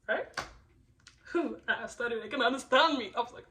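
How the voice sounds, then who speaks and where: A young woman vlogger telling a storytime, animated and laughing, with lots of restarts. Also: on the high side, moderate pace, far from the mic, rough recording. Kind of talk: storytime narration.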